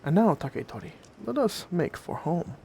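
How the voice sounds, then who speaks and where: A man voicing a small, beautiful young female fairy who speaks with easy, matter-of-fact calm in a told story. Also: a little high, moderate pace, gravelly, breathy edge, heavily acted.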